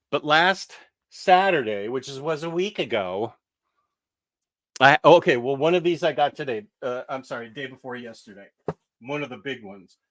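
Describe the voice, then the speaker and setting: A man's voice: fairly high pitch, normal speed, fairly bright tone, no echo, studio quality. A man hosting a casual live stream from home, rambling, interrupting himself and chatting with viewers. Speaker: livestream host. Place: home room.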